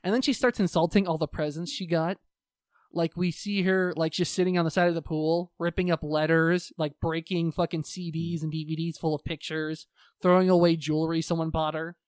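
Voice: medium pitch, flat delivery, a little fast, dry recording. Profane rambling co-host in a dry room. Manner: profane, rambling, acts out quotes in put-on voices. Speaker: podcast co-host recapping a show. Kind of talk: casual chat.

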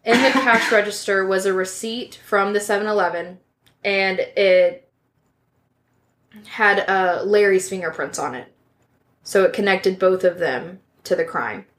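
A woman's voice: mid-range voice, fairly even intonation, unhurried, slight background noise. Woman casually narrating a true crime case. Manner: reads from notes with casual asides and self-corrections. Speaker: true crime podcast host.

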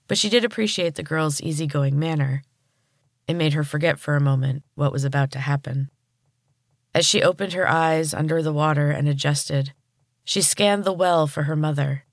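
A woman podcast host reading a story aloud in calm, even narration. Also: low-pitched, no room sound, studio quality.

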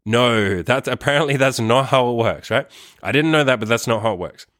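A man's voice: medium pitch, fairly quick, fairly bright tone, no echo, studio quality. A young man telling a personal story to camera in a rambling, profane way, full of fillers and tag questions. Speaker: vlogger.

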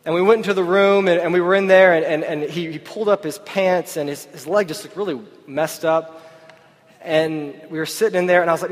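A man's voice: fairly high pitch, steady tone, fairly quick. A pastor preaching a sermon to his church, telling a personal story in a conversational way. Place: church service. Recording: long hall reverb.

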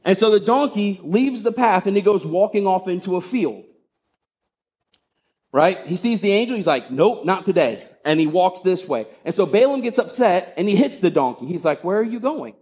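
A man's voice: sits high, a little mellow. A male pastor giving a sermon, retelling a story in a conversational way with rhetorical questions.

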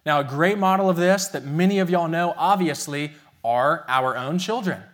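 A young man preaching a sermon as pastor, telling a family story and slowing down to stress key phrases. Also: a little high, fairly bright tone. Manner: storytelling, earnest and emphatic, slows for key phrases.

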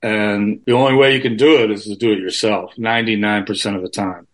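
A guest musician speaks frankly and with lots of profanity in a candid conversational interview, joining by remote call from home. He rambles and restarts often. His voice is lowish, fairly quick, with fairly even intonation.

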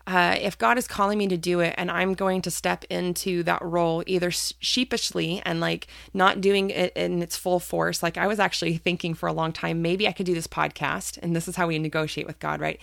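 Candid woman with a gravelly voice. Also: on the low side, fairly even intonation, brisk, fairly bright tone, no room sound, studio quality. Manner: candid, hesitant, many fillers and restarts. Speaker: podcast host. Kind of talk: personal faith podcast talk.

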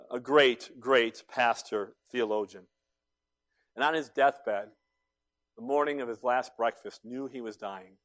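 A man preaching a sermon in a church, dropping to a hush and rising to loud, urgent appeals. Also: medium pitch. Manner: preaching with big swings between hushed and loud. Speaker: pastor.

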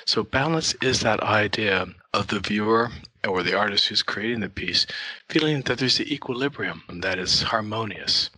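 A man's voice: lowish voice, normal speed, sharp tone, husky, no room sound, rough recording. A man who teaches art, a guest in an interview, patiently explaining ideas through worked examples.

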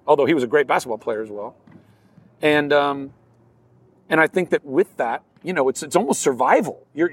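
A man's voice: fairly high pitch, recorded from a distance. A man, an actor, talking earnestly and reflectively in an interview, often laughing.

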